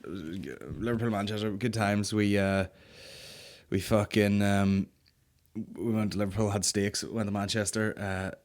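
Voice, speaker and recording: A man's voice: on the low side, a little slow. A man with a Northern Irish accent hosting a comedy podcast, telling stories in casual, sweary banter. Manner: swearing, laughing, lively storytelling. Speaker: podcast host.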